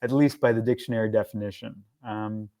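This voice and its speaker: A man's voice: fairly low pitch, steady tone, fairly quick, dark tone. A man co-hosting a casual car chat, easygoing and agreeable, often restarting his sentences. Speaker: podcast co-host.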